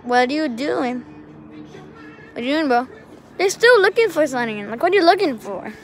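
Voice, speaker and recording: A woman chatting casually in a vlog, excitable and talkative, speaking to her dog in a backyard by a shed. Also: high-pitched, normal speed, faint music behind. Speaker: vlogger.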